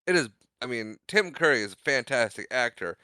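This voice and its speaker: A man's voice: medium pitch, lively intonation, fairly quick, sharp tone, clear, resonant tone, no echo. A man co-hosting a podcast, recapping a film in casual, jokey chat. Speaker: podcast co-host.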